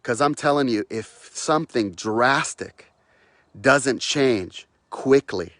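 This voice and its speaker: A man's voice: medium pitch, takes it slowly, a bit bright, no echo. A man delivering a fiery, preachy rant outdoors, repeating phrases and mocking others' voices, recorded close on a phone.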